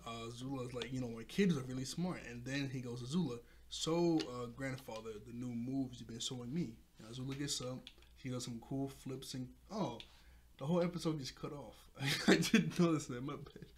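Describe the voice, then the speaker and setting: A man's voice: mid-range voice, a little fast, a little mellow, slight background noise. A man recapping a cartoon episode in a loose, slangy way, often laughing and correcting himself. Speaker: show reviewer.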